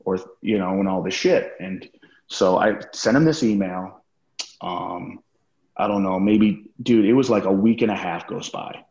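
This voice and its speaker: Male podcast guest, very low voice, cursing storyteller, roomy lo-fi sound. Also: big pitch swings, measured pace, creaky, darkish tone. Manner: profane, acts out quoted dialogue. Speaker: podcast guest, former wrestler. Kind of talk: casual storytelling interview.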